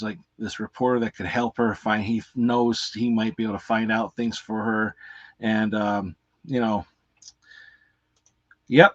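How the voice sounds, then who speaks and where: A man's voice: on the low side, no echo, dull audio. Rambling, foul-mouthed man unboxing a movie. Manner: rambling, profane, lots of fillers. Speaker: movie reviewer and unboxing host. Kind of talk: casual live unboxing chat.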